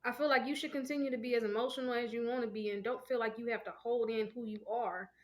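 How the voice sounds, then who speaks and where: A woman's voice: a little high, steady tone, fast talker. A woman co-hosting a podcast in casual chat, earnest and giving advice. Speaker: podcast co-host.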